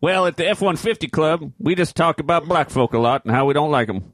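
A man voicing a crude male Southern redneck in an improvised comedy sketch, with deadpan replies. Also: a little high, quick pace, no room sound, clean studio sound, lightly acted.

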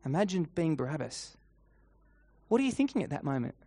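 A man preaching a sermon as a guided imaginative story in the second person, swinging between loud and hushed lines and repeating a refrain. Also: a little high, sing-song, creaky, slightly rough. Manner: repeats refrain, halting restarts.

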